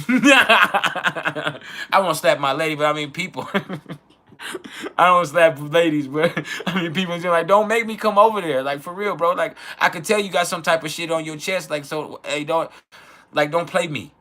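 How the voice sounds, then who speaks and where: A man's voice: a little high, normal speed, bright, forceful tone. A young man hosting an astrology channel, talking casually and profanely, laughing often and acting out heated arguments in his own voice. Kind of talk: casual unfiltered chat.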